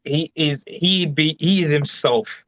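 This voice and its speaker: Male livestream co-host: jokey, relaxed, patois phrasing; slightly high, dry and dull audio. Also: slow pace, no echo. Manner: joking, laid-back, patois phrasing. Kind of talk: casual livestream chat.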